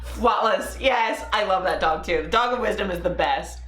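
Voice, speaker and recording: A woman hosting a casual live stream, talking to chat viewers in a profane, animated way. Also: mid-range voice, moderate pace. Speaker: livestream host. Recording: echoey room with faint ambient noise.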